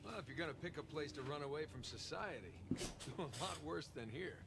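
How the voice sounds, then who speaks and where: A man's voice: on the high side, animated, fast, vocal fry, a crowd in the background. An actor playing a wry male adventurer in game dialogue.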